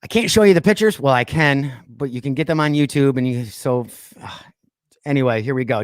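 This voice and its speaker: A man hosting a podcast, reading odd news stories aloud and breaking off into sarcastic asides, laughs and deliberate quiet pauses. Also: medium pitch, clean tone, no room sound, studio quality. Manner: reads news items then riffs with sarcastic asides and laughs; drops to quiet voice for dramatic pauses. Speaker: podcast host. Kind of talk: casual news commentary.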